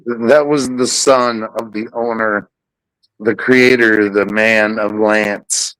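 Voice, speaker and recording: Slow, rambling male host. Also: on the low side, steady tone, a bit bright, no echo, poor audio. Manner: rambling and hesitant, lots of restarts. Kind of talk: casual storytelling chat.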